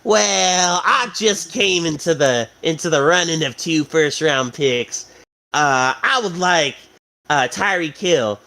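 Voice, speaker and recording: A man's voice: on the high side, slow, pushed and bright, exaggerated voice. A man doing a folksy old team owner's drawl. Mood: smug. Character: folksy older male football team owner.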